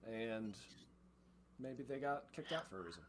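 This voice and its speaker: A man narrating a tabletop game as game master, relaxed and full of fillers. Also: medium pitch, measured pace, a loud crowd.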